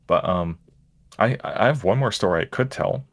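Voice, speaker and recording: A man's voice: lowish voice, lively intonation, moderate pace, a bit bright, dry recording, clean studio sound. A man, a stream guest, telling stories in casual chat, rambling and self-mocking with frequent restarts.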